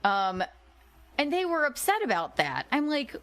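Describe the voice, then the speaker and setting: A woman livestreamer defends herself with rising indignation, insisting she did nothing wrong. Her voice sits a little high for a woman. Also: huge pitch swings, unhurried, a bit bright. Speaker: streamer.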